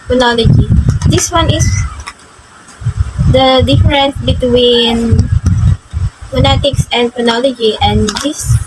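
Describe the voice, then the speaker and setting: A woman student introducing her own video, speaking haltingly and restarting phrases. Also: sits high. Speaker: student vlogger. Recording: loud noise and traffic behind.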